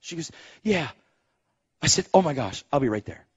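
A man preaching and telling a testimony story, animated, acting out the voices of people in his story and rising to shouts as he exhorts. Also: a little high, moderate pace, slightly rough, lo-fi sound. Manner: animated, acts out quoted voices. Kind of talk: sermon storytelling.

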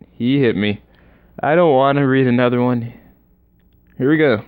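Gamer, man, let's-play commentary, melodramatic exasperation, mid-pitched, dull lo-fi mic. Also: moderate pace, pauses often, clean tone. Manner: exasperated, mock-dramatic groaning. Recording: lo-fi muffled recording.

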